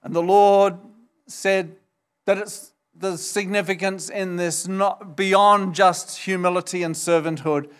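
Male pastor, higher-pitched voice, unhurried emphatic sermon delivery. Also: steady tone, clean tone. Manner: emphatic, retells scripture with acted quotes.

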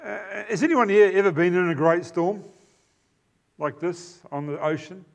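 A man with a New Zealand accent preaching a sermon in a conversational way, pausing with fillers and turning to the congregation with asides. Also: high-pitched.

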